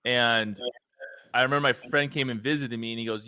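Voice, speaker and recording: Male podcast host, casual and rambling, bright forward tone, dry close sound. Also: medium pitch, steady tone, quick pace, no room sound. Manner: loose and chatty, many "like" fillers. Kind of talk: casual interview chat.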